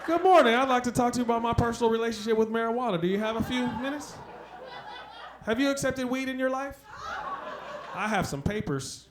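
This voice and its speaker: A chirpy, high-voiced door-to-door preacher, put on by a man, pushing his gospel with a sweet, pushy sales pitch. The sound is a noisy live club recording with a lot of hubbub behind it. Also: fairly quick, roomy sound, crowd noise. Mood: pushy cheerful. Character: eager door-to-door male pot preacher.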